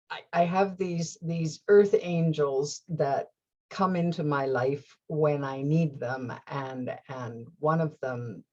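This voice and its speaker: A woman hosting her own show, telling a personal story in a casual, animated way with frequent laughter. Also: deep voice, lo-fi sound. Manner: animated, laughs often, restarts phrases. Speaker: host.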